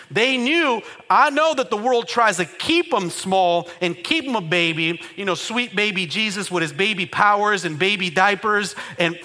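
Bright, high-voiced preaching man. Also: lively intonation, measured pace. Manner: emphatic call-and-response preaching. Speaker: pastor. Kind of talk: sermon.

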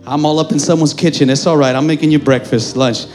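A male pastor preaches to his congregation in a church, pitched high for a man. He drops to hushed asides, then rises to shouting calls for the room to answer back. Soft music plays faintly behind him. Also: steady tone, fast. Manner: preaching with call-and-response, swinging from hushed to shouting. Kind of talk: sermon.

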